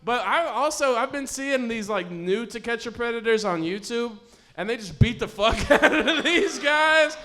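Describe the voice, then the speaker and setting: A man's voice: extremely high pitch, animated, moderate pace, sharp tone. A man doing a crude, rambling live stand-up set on a comedy stage, laughing at his own jokes.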